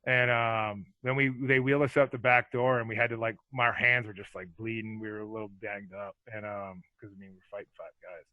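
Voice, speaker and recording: A middle-aged man, a former hockey enforcer, telling rambling, animated stories as a podcast guest. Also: lowish voice, brisk, few pauses, no echo, narrow, tinny audio. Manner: rambling, animated, lots of fillers. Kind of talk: casual storytelling.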